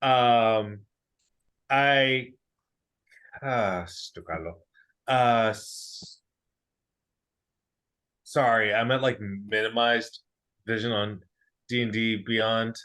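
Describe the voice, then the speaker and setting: Slow, halting low male player. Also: fairly bright tone, clean tone. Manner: halting, distracted, apologetic. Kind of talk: casual tabletop game chat.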